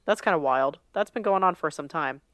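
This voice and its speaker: Casting: woman podcast co-host, smooth and clear, dry close sound, reads a list with casual asides. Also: low-pitched, fairly quick, no echo.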